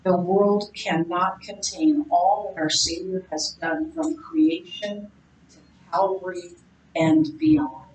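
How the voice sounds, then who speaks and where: A woman's voice: medium pitch, slow pace, darkish tone, recorded from a distance. A woman teaching a Bible class in a conversational way, with many fillers and restarts. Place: classroom or church room. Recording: roomy, from off-mic, faint background hum.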